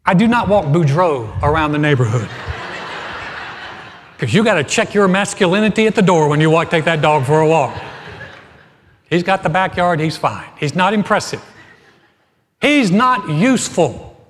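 Storytelling pastor in a reverberant hall. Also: male voice, on the high side, normal speed, pauses often, slight background noise. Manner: storytelling, animated, swings from loud to soft. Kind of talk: humorous sermon.

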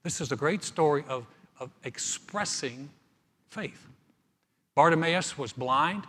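A man preaches a sermon, retelling the story with lively, animated delivery and frequent restarts on his words. His voice is a touch high and husky. A long reverb trails each phrase through the hall. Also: slow. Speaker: pastor.

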